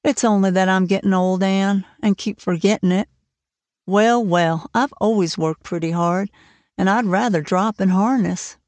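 A woman reading the part of a shy, gentle old farmer who speaks slowly and kindly in homespun phrases, for an audiobook. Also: medium pitch, dry recording, lightly acted.

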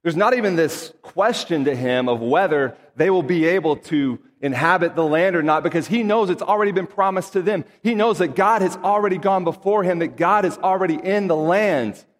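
A man's voice: sits high, moderate pace, few pauses, long reverb tail. A man reading scripture aloud and then preaching in an earnest, conversational way with emphatic asides. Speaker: pastor.

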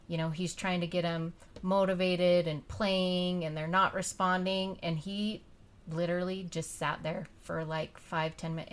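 Woman host, somewhat low pitch, chatty, rambling, laughs often, casual interview. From Utah, United States. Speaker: podcast host and youth soccer coach.

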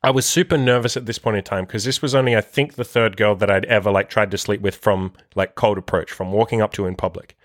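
A man's voice: lowish voice, steady tone, fast talker, few pauses, dry recording, clean studio sound. A young man vlogging, telling a story casually with lots of filler words and swearing. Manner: profane, filler-heavy, lots of "like".

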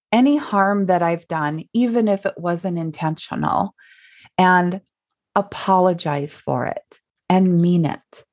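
A woman's voice: mid-range voice, a little mellow. A middle-aged woman from Minnesota with a Minnesotan accent, hosting her solo podcast in a reflective, chatty way with fillers and small laughs. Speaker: podcast host. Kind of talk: casual solo podcast talk.

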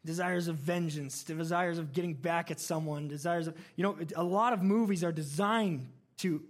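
High-voiced male pastor preaching conversationally. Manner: conversational, animated storytelling with laughs. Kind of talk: sermon.

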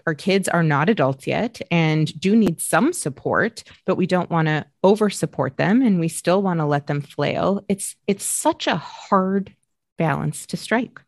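A woman hosting an interview, asking thoughtful, measured questions. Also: lowish voice, darkish tone, no echo. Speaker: podcast host. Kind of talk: interview conversation.

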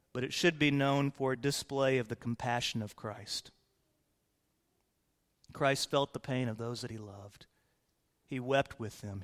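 A man pastor preaching a sermon, explaining scripture verse by verse in an earnest manner. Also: mid-range voice. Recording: long hall reverb.

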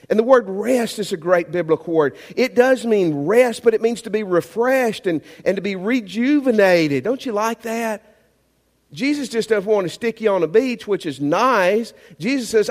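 A man preaching a sermon as pastor, emphatic and animated, asking the congregation rhetorical questions. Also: high voice, normal speed, big-room sound.

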